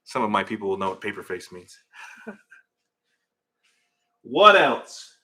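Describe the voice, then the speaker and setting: Middle-aged male livestream host, rambling and chatty, reads comments as he goes; low-set voice, bright and tense edge. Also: big pitch swings, unhurried. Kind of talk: casual livestream chat. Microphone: phone camera.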